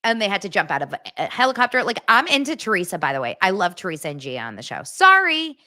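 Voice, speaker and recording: A woman's voice: on the low side, big pitch swings, very fast, sharp tone, dry recording, clean studio sound. A young adult woman hosting a celebrity gossip show, talking in a gushing, dramatic way with exaggerated reactions. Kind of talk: casual gossip commentary.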